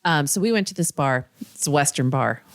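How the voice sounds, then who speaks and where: A woman's voice: sits low, lively intonation, a little fast, no echo, studio quality. A woman co-hosting a podcast, telling a rambling anecdote in casual chat, swearing freely and acting out the people in it. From Ohio. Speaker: podcast co-host.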